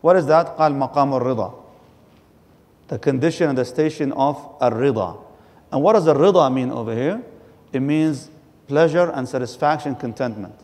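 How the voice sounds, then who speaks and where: A man's voice: mid-range voice, brisk, a little mellow. A male Islamic scholar giving a religious lecture, asking and answering his own questions and reciting Arabic passages. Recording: hall with long reverb.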